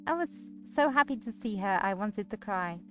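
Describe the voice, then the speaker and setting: A woman's voice: medium pitch, animated, moderate pace, faint music behind, natural voice. A woman reading the part of a troubled young man with lost memories, hesitant and uneasy as she narrates in his first person. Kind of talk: reading a visual novel aloud.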